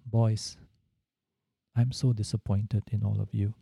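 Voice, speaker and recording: A man voicing a caring, tearful female teacher who speaks softly and earnestly. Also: fairly low pitch, little pitch movement, unhurried, creaky, husky, dry recording, clean studio sound, heavily acted.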